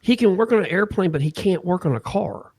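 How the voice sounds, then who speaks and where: A man's voice: sits high, expressive, fairly quick, a little mellow, breathy edge, no echo. A man co-hosting a podcast in a studio, chatting casually and laughing often. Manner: laid-back, laughs often, says "man" and "dude". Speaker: podcast co-host. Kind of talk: casual chat.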